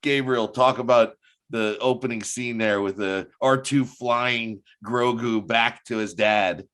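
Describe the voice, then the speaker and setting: A man hosting a casual review chat, animated, laughing often and talking his way through each scene. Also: medium pitch, unhurried. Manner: animated, laughs often, jumps into quoted voices. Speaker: podcast host.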